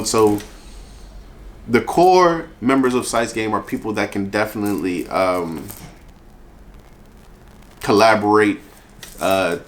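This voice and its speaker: Low-voiced man, earnest and halting. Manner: thoughtful, restarts often, earnest. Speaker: interview guest, event organizer. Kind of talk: casual interview talk.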